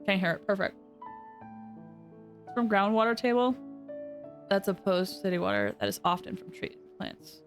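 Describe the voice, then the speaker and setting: A woman's voice: medium pitch, very animated, moderate pace, pauses often, faint music behind. A young woman streaming a video game, chatting casually and rambling with lots of fillers. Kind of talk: casual live-stream chat.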